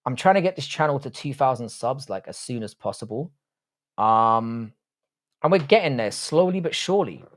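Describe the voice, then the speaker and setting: A man's voice: medium pitch, animated, moderate pace, no echo, clean studio sound. A man, hosting a casual livestream, reading out viewer comments and bantering with plenty of swearing and slang. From United Kingdom. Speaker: livestream host.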